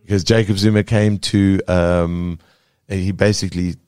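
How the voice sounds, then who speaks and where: A South African man, a cartoonist guest in a casual interview, speaking earnestly and pausing to search for words. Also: low voice, flat delivery, a little mellow, clean tone, no room sound.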